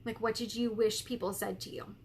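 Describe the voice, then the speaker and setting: Woman host, thirties, crying but pushing through; blunt, sweary, talks straight to viewers, a bit high-pitched, faint room noise. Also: fairly even intonation, fairly quick. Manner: candid and emotional, swears freely, speaks to viewers directly. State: tearful, crying while talking. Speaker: business coach hosting a live stream. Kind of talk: live-stream coaching talk, reading comments.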